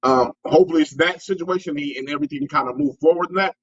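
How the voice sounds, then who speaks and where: A man's voice: fairly high pitch, quick pace, husky, muffled recording. A man co-hosting a casual sports talk podcast, often stammering and restarting his sentences.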